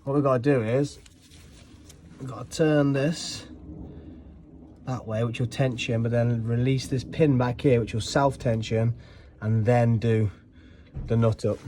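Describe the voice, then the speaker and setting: A man's voice: mid-range voice, fairly even intonation, a little slow, long pauses, mellow, a little hiss or hum. A man vlogging a car repair outdoors, chatting and explaining each step as he works. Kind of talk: casual hands-on vlog narration.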